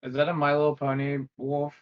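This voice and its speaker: A man jokes and teases his way through a tabletop game. His voice sits a little high. His mic sounds dull and lo-fi. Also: monotone, fairly quick, clean tone. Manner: joking, teasing. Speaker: player. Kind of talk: casual game chat.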